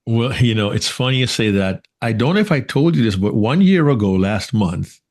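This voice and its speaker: A man with a Jamaican accent co-hosting a podcast interview, telling a lively story and laughing easily. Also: mid-range voice, normal speed. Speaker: podcast co-host. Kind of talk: casual interview chat.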